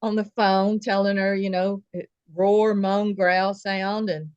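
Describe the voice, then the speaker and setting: A woman's voice: mid-range voice, little pitch movement, takes it slowly, a little mellow, smooth, no echo, lo-fi sound. A woman telling a true personal story in a casual, folksy way, acting out the dialogue of the people in it. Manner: vivid, folksy retelling with quoted dialogue.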